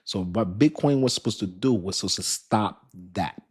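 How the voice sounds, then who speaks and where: Laid-back, rambling man with a low voice. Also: expressive, normal speed, husky. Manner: loose, rambling, slangy, laughs often. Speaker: crypto video host. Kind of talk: casual talk to camera.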